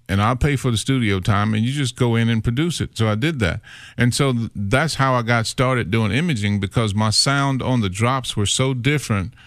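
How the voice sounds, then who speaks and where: A middle-aged radio imaging voice artist spins stories in a casual interview, acting out the voices of the people he quotes with animated flair. His voice is medium in pitch, and the recording is dry with clean studio sound.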